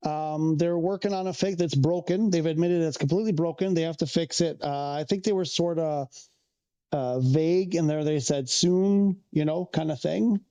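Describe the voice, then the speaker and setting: A man talks loosely through a livestream, answering viewers as he goes. His voice sits a bit high, with a gravelly, fry-laden edge. The sound is mellow and dark, and he wanders off mid-sentence before picking the thread back up. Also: moderate pace. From Canada. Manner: rambling, trails off and restarts, answers chat questions. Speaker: streamer. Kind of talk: casual livestream chat with viewers.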